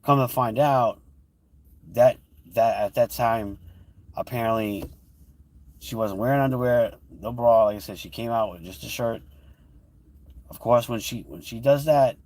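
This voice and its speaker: A man's voice: mid-range voice, a little slow, long pauses, darkish tone, recorded from a distance. A man telling a heated personal story on a livestream, swearing freely as he goes. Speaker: livestream host.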